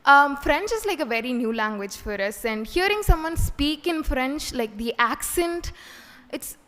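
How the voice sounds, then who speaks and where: A young woman student gives feedback, hesitant and filling her pauses. Her voice is high, and a long hall reverb surrounds it. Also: animated, a bit bright. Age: young adult. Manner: hesitant, many fillers like "like". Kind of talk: casual spoken feedback. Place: college hall.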